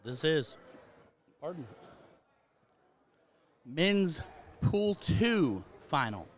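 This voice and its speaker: A man's voice: on the high side, big pitch swings, extremely slow. A man with an American accent calling a darts match live, chatty and out of breath, talking to his stream viewers. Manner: chatty, self-deprecating, talks to chat viewers. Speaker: darts commentator and stream host. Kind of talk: live play-by-play commentary.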